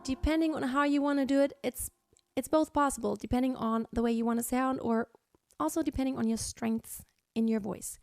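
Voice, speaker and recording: A woman's voice: high-pitched, steady tone, a little fast, creaky, a little mellow, faint music behind. A woman teaching singing, explaining technique and breaking into short sung examples. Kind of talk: vocal lesson with sung demonstrations.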